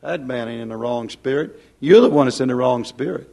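A man preaching a plain-spoken, folksy sermon, swinging from loud to hushed. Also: medium pitch, fairly quick, gravelly.

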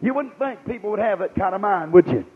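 A man's voice: high voice, animated, fairly quick, slightly rough, phone-quality sound. A man preaching a revival sermon in a folksy manner, putting rhetorical questions to his congregation and reading scripture aloud. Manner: reads scripture aloud in a rising cadence.

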